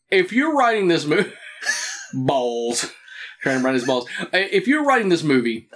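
A man's voice: a little high, a bit bright. A man co-hosting a casual movie commentary chat, laughing often and restarting his sentences as he talks.

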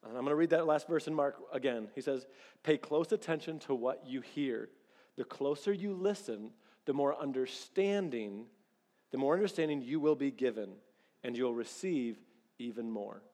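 A man preaching a sermon as pastor, telling lively stories and acting out bits of dialogue. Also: mid-range voice, normal speed, long reverb tail. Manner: animated storytelling, acts out quoted dialogue.

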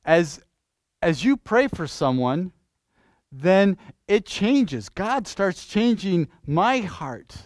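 A pastor preaching in church, lively and questioning, restarting phrases and asking the congregation things. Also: male voice, high-pitched, very slow, dry recording, studio quality. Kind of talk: sermon.

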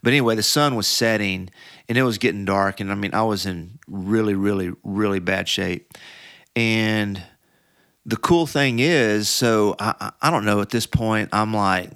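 Low, smooth-voiced man telling a rambling story. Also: normal speed, a bit bright, dry recording, clean studio sound. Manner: rambling, with many fillers and restarts. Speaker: podcast guest. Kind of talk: casual storytelling interview.

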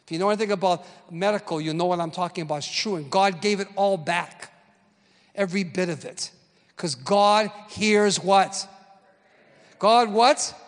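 An older man in his sixties preaches with a high voice, telling stories with punchy call-and-response lines. His voice rings through a hall with a long reverb. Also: a bit bright. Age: 60s. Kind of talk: sermon.

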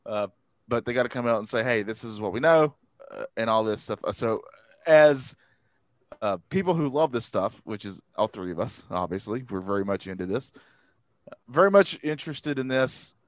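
A man's voice: lowish voice, expressive, moderate pace, no echo. Rambling man with lots of fillers. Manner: rambling, many fillers and restarts. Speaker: podcast host. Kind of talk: casual chat.

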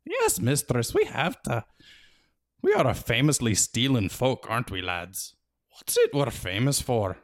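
A man voicing tiny blue fairy warriors with a Scottish accent, boisterous and shouting. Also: mid-range voice, huge pitch swings, measured pace, dry recording, clean studio sound, voice pushed up. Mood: sheepish.

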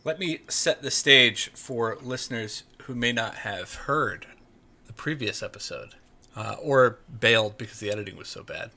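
A man's voice: medium pitch, pushed and bright. A man co-hosting a podcast in casual chat, rambling along with lots of "like" fillers. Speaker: podcast co-host.

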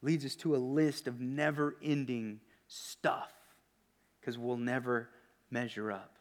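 A man preaching a sermon in an earnest, questioning way, often dropping to hushed emphasis. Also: medium pitch.

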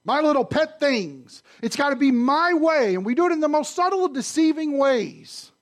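A man preaching a sermon to his congregation, conversational and animated, often asking the audience questions. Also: extremely high pitch, moderate pace. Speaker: pastor. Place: church sanctuary.

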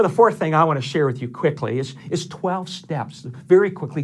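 A middle-aged male pastor preaching a sermon, stressing each numbered point with repetition. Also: on the high side.

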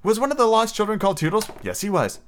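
A man voicing an excitable little lost boy who squeals with eager delight. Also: high-pitched, fast, a little hiss or hum, pitched above the performer's own voice. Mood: thrilled.

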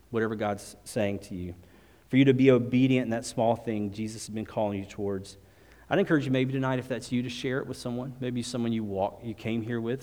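In a large hall with long reverb, a man with a mid-range, dark voice preaches at a church service and ends in prayer. His manner is earnest and conversational, and he often starts his sentences over.

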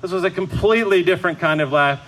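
Bright-voiced man preaching conversationally. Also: high voice, fast talker, poor audio. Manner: conversational, acts out quoted lines. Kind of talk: sermon.

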